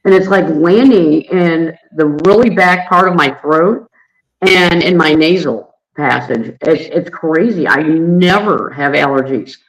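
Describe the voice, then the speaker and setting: A man hosting a casual livestream, hoarse from allergies, friendly and greeting viewers by name. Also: a little high, unhurried, a bit bright, poor audio. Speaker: livestream host.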